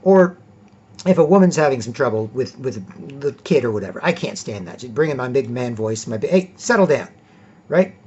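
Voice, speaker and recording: A man's voice: mid-range voice, lively intonation, a little fast, few pauses, darkish tone, husky. A man giving a rambling, emphatic vlog monologue, swearing freely and ending his points with "right?". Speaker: vlogger. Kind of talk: casual lecturing monologue. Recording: dull lo-fi recording.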